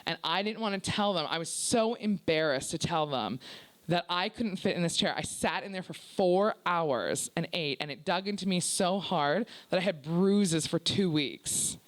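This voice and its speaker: A woman's voice: lowish voice, lively intonation, normal speed. A young woman doing a stand-up comedy set, confessional and profane, full of "like" fillers and acted-out quotes. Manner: acts out quoted people in shifted voices.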